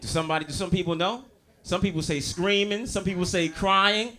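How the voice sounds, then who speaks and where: A male stand-up comedian, working a live crowd loudly and acting out the people in his stories. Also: high voice, steady tone, brisk. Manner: loud, crowd-working, acts out characters. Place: comedy stage before a live audience.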